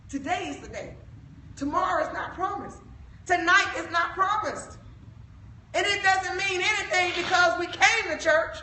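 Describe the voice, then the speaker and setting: A woman evangelist, exhorting the young people of her church, fervent and at times shouting. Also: extremely high pitch, moderate pace, slight background noise. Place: church sanctuary. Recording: echoey church, mic from a distance.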